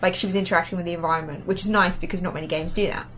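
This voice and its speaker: A woman's voice: on the low side, fairly even intonation, very fast, a bit bright. A woman from England with a light Essex-tinged accent, co-hosting a casual gaming chat, rambling with lots of ums and restarts. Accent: Essex-tinged English. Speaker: podcast co-host.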